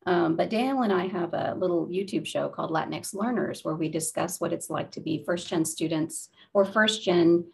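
A woman co-host with a lowish, husky voice that has a gravelly edge. She talks in a teasing, upbeat way in casual podcast chat. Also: moderate pace, hardly any pauses. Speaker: guest co-host.

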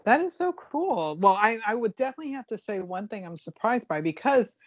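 A woman hosting a podcast, chatty and animated, telling stories and laughing as she talks. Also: medium pitch, brisk, husky, dry recording. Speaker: podcast host. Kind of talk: casual interview chat.

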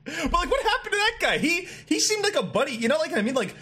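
A man co-hosting a casual game-review chat, animated and sweary, slipping into mock voices. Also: very high-pitched, fast. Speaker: podcast co-host.

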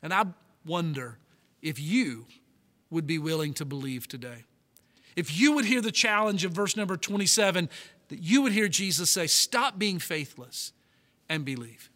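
Pastor, male, high bright voice, preaches with emphatic drawn-out stresses, long hall reverb. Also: lively intonation. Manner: emphatic, slows and stretches key words. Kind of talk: sermon.

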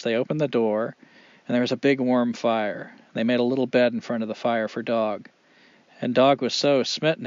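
Male storyteller, animated and expressive, dry slightly muffled sound. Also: medium pitch, dry recording. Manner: animated, expressive, with dramatic pauses. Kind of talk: oral storytelling.

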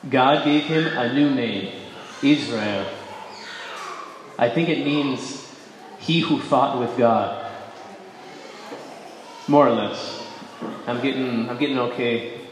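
A man's voice: mid-range voice, slight background noise. Man telling his faith story in an echoey hall. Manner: conversational, self-correcting, bursts of emphasis. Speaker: speaker giving a faith testimony. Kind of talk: personal testimony talk. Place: large echoey hall before an audience. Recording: echoey hall with long reverb.

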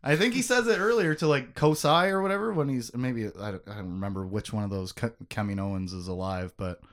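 A man hosting a casual book-discussion podcast, recapping the story with jokes and quick asides. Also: mid-range voice. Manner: animated, joking, quick asides. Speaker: podcast host.

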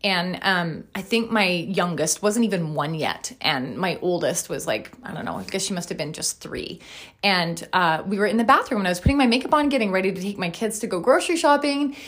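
A woman's voice: fairly low pitch, animated, brisk, fairly bright tone. A woman in her thirties hosting a podcast as a wellness coach, talking candidly and emphatically about her own life and swearing often. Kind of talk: candid personal monologue.

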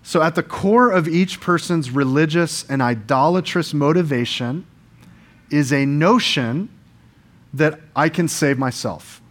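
A man's voice: fairly high pitch, a little slow. A man pastor preaching an earnest sermon in church, explaining scripture and sometimes voicing quoted speakers.

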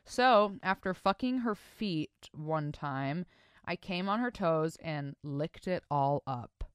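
A woman's voice: deep voice, animated, takes it slowly, smooth, no echo. Foul-mouthed woman hosting a podcast. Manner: crude, profane, swings into mock-disgusted reactions. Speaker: podcast host. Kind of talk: casual podcast chat reading listener stories.

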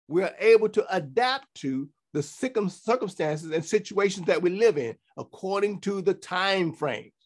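Man preaching, scripture-teaching voice. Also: high-pitched. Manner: reads scripture aloud and explains it, with many restarts and "okay" checks. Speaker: teacher of a congregation. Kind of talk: sermon teaching.

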